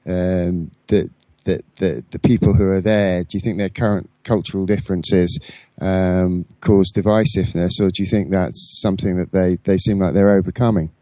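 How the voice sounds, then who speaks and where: A man interviewing a guest on a radio show, asking long questions with many hesitant pauses. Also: deep voice, fairly even intonation, mellow, dry recording.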